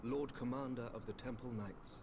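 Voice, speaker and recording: A male actor voicing a gallant, courteous knight commander who speaks in smooth, formal phrases, heard as game audio. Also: medium pitch, steady tone, normal speed, noisy background, close to an everyday voice. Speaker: game character.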